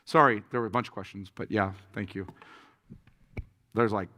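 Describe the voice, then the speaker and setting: A pastor answering audience questions at a conference, telling stories with lively acted-out quotes and frequent laughter. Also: male voice, on the low side, moderate pace, in a large hall. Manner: animated storyteller, acts out quotes, laughs often. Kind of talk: conference Q&A talk.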